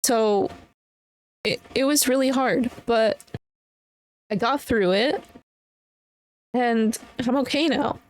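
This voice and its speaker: A woman hosting her own podcast, telling a personal story in a candid, halting way with fillers and blunt swearing. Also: a little high, rough recording. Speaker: podcast host.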